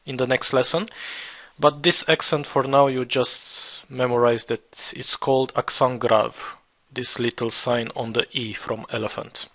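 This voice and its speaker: A man teaching a beginner French lesson, repeating words slowly and spelling them out letter by letter. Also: medium pitch, fairly even intonation, a bit bright. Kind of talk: slow beginner language lesson.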